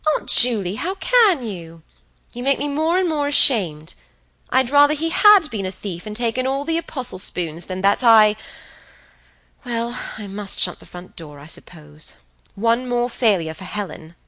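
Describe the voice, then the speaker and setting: A woman's voice: medium pitch, animated, measured pace, no room sound. A woman voicing an impulsive, scatterbrained young woman who chatters breathlessly in an audiobook. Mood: ashamed.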